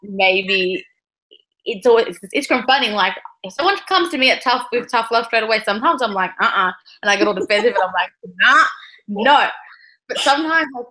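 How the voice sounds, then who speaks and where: A woman's voice: a little high, animated, fast talker, bright, forceful tone, poor audio. A woman co-hosting a casual book discussion over a video call, emotional and close to tears, rambling with lots of "like". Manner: emotional, tearful, rambling with many likes. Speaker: book club co-host.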